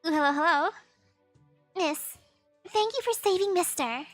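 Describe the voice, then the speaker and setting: A woman streamer with a high voice reads video game dialogue aloud in a playful, lively way. She shifts between characters and breaks in with her own reactions. Quiet game music plays underneath. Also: a little slow, dry recording.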